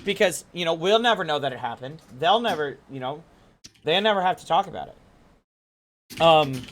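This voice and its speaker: A man's voice: on the high side, expressive, moderate pace, a bit bright, a little hiss or hum. A man speaking animatedly as a podcast guest, stumbling over his words as he goes. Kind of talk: casual podcast chat.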